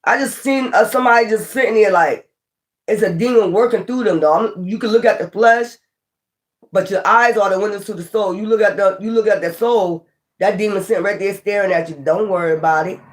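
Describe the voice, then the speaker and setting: High-voiced, preachy male tarot reader. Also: a little fast. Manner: preachy, profane, repeats catchphrases. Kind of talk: casual spoken tarot reading.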